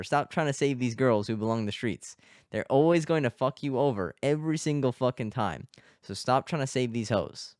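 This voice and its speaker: A man's voice: mid-range voice, animated, normal speed, darkish tone, no room sound, studio quality. A man hosting a podcast as a dating coach, talking bluntly and emphatically with a lot of swearing. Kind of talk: casual podcast monologue. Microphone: close podcast mic.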